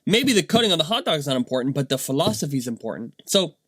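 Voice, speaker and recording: A man, a dad, telling a casual motivational story in a rambling, animated way, tagging his points with "right?". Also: fairly high pitch, very fast, husky, dry recording. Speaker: vlogger and dad.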